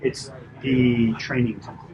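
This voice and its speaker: A man working as a personal trainer, giving a chatty, animated debrief after a client session, full of fillers and asides. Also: medium pitch, a little slow, muffled recording, crowd noise. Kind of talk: casual coaching debrief.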